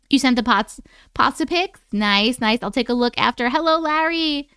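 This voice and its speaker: Animated, swearing woman with an Oklahoma accent. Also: a little high, a little slow, clean tone, dry recording, studio quality. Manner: animated, exasperated venting with frequent swearing and laughter. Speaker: livestream host reading viewer chat. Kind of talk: casual livestream chat.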